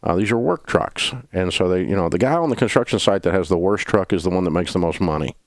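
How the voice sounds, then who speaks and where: A man's voice: deep voice, quick pace, no echo, studio quality. A man, hosting a call-in advice show and telling stories in a folksy, plainspoken way. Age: 50s. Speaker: radio show host.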